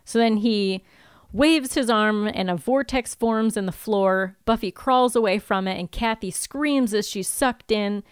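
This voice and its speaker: A woman's voice: mid-range voice, a little slow, smooth, no room sound, clean studio sound. A woman co-hosting a podcast, recapping an episode in a chatty, giggly way. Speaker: podcast co-host.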